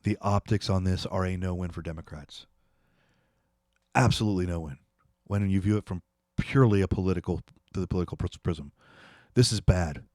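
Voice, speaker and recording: A man's voice: low-pitched, brisk, long pauses, a little mellow, no echo, clean studio sound. A man hosting a political commentary, ranting angrily and repeating himself as he dares his listeners to respond. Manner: angry, ranting, repetitive, challenging viewers.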